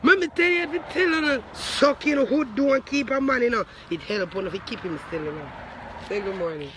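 A man with a Jamaican accent telling a profane comic story as an animated, swearing rant. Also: very high-pitched, brisk, noisy background. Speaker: comedic storyteller.

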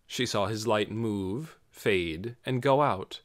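A man's voice: on the low side, slow pace, few pauses. A man reading an audiobook chapter aloud as its narrator. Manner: expressive storytelling. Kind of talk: scripted narration.

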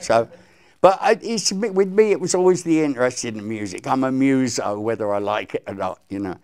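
An older man from England telling stories from his career as a musician in an interview, acting out the quotes. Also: mid-range voice. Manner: animated storyteller, acts out quotes. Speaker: guest musician. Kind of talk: storytelling interview.

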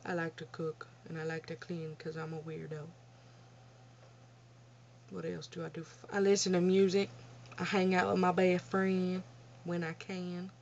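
A woman's voice: on the low side, little pitch movement, measured pace, creaky, long pauses, a little mellow, slight background noise. Blunt, laughing young woman on lo-fi audio. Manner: blunt, profane, laughing at her own stories. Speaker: vlogger. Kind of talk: casual storytelling Q&A. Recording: dull lo-fi home recording.

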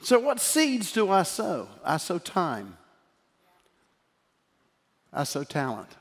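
A middle-aged man preaching a sermon as pastor, shifting from emphatic exhortation to quiet, tender storytelling. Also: high voice, wildly swooping pitch, takes it slowly, slightly rough. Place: church sanctuary. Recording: hall reverb with faint music.

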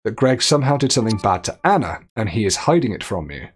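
A man's voice: on the low side, sing-song, quick pace, a little hiss or hum. Chatty man streaming a game. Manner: chatty, reads chat aloud and laughs often. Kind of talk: live game stream commentary.

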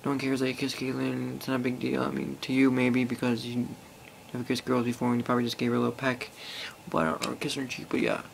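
A man's voice: medium pitch, monotone, fast talker, creaky, slight background noise. A teenage boy rambling casually to an iPod camera, full of fillers and swearing. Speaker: vlogger. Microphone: phone or iPod held close.

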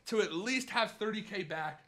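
Excitable young man, high lively voice. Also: moderate pace. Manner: excitable, swings from muttering to shouting and swearing. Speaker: gambling streamer. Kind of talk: live gambling commentary.

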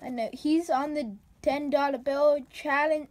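A woman with a high voice reads feedback aloud in a comedy vlog, dry and sarcastic. She takes her time, lingering over each misspelled word as she sounds it out. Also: fairly even intonation, measured pace, hardly any pauses, a little mellow, no room sound. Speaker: comedy vlogger.

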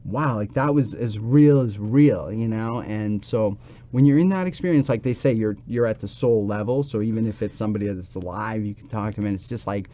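A man, a podcast guest, telling a personal story in lively fashion and acting out the voices he quotes. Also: on the low side, fairly quick.

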